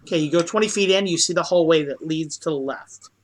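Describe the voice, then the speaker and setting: A man narrating as dungeon master in a tabletop role-play game, loose and halting with many fillers. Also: fairly high pitch.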